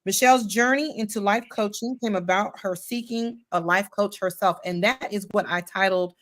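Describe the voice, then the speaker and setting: A woman's voice: medium pitch, normal speed, a bit bright. A woman hosting a casual livestream talk show, chatty and folksy, often repeating herself and speaking straight to her audience. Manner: playful, addresses audience as y'all. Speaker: podcast host.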